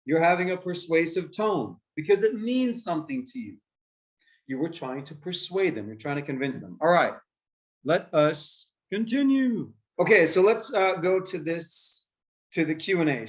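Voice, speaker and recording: A man teaching young students about debate in a lively way, asking them questions and acting out examples. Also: a little high, moderate pace, poor audio. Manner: lively, asks the class questions and acts out examples. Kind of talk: explaining debate skills to children.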